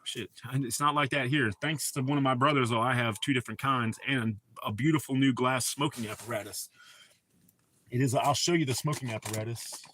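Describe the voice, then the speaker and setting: This streamer speaks fairly quickly in a mid-range, somewhat bright voice, with a little hiss or hum on the audio. He has a Southern drawl and a mouthful of dip, and his casual chat is laid-back, full of swearing and frequent laughter.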